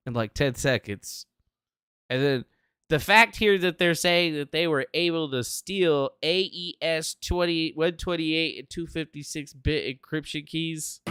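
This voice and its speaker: A man streaming casually, explaining tech news in a profane rant that swings from low mumbling to loud outbursts. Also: clear, resonant tone, dry recording, clean studio sound.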